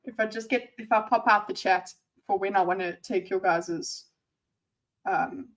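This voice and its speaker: A woman's voice: medium pitch, steady tone, a little slow, rough recording. A woman in her thirties, a streamer giving sarcastic, teasing live reaction commentary. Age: 30s.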